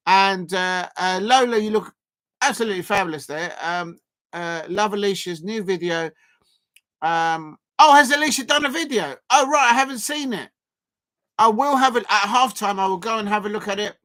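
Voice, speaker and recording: A live-stream host giving rambling, casual football watchalong commentary, shouting out chat viewers and bursting into excited shouts at chances. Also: medium pitch.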